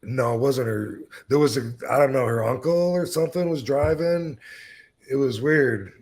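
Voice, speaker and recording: A man's voice: medium pitch, moderate pace, a little mellow, breathy edge. A man in his fifties telling a long, rambling story in casual chat, swearing freely and laid-back. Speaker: podcast host telling stories.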